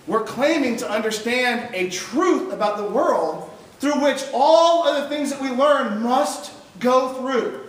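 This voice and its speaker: A man giving an emphatic chapel talk to high school students, often putting questions to the audience. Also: takes it slowly, a bit bright. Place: large echoey chapel hall. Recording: echoey hall recorded from far off.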